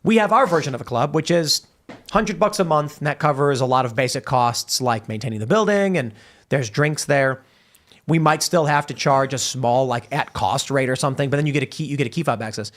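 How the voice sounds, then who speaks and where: A man's voice: mid-range voice, animated, fairly quick, fairly bright tone. A man hosting a talk show, reading viewer messages aloud and rambling through a long story. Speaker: podcast host. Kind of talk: casual talk-show banter.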